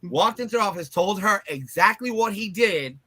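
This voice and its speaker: A man's voice: high-pitched, animated, moderate pace, bright, forceful tone. An older man from Newark, New Jersey, co-hosting a casual podcast, blunt and reflective, often affirming his partner. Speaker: podcast co-host. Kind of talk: casual conversational chat. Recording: clearly noisy recording.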